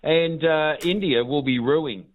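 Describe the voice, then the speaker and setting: A man's voice: on the high side, measured pace. A man chatting enthusiastically about sport as a regular guest, often repeating himself. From Australia. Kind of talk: casual sports chat. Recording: tinny phone line.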